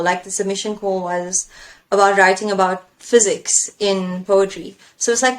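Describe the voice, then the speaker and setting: A woman talks through her writing struggles in a reflective, searching way. She thinks aloud and often pauses on fillers, and her voice sits at an ordinary middle pitch. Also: fairly even intonation. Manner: thoughtful, searching, with fillers and self-questioning. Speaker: poet and engineer, coaching guest. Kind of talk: reflective conversation.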